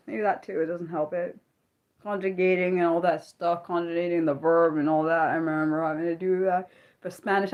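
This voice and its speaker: A young American woman hosting a casual livestream, excitable and apologetic, talking back to her chat with many restarts. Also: fairly low pitch. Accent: American, Maryland. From United States. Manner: excitable, apologetic, lots of restarts and self-corrections. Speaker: livestream host.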